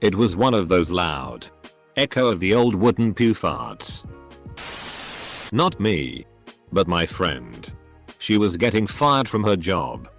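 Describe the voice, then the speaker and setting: Male narrator reading stories, low voice, animated pitch, soft music bed. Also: slow pace, long pauses. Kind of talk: scripted story narration.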